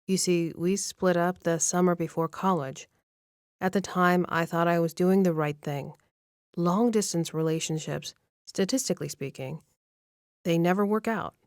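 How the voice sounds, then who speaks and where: A woman narrating a first-person romance audiobook in an even, measured storytelling manner, close to the mic. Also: on the low side, no room sound.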